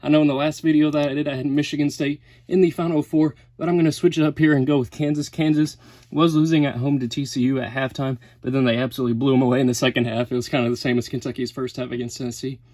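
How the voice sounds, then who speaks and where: A man's voice: medium pitch, little pitch movement, fast talker, a little mellow, no room sound. A man in a casual sports vlog, a little out of breath, rattling off lists and correcting himself mid-sentence. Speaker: sports YouTuber. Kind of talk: casual bracket breakdown vlog.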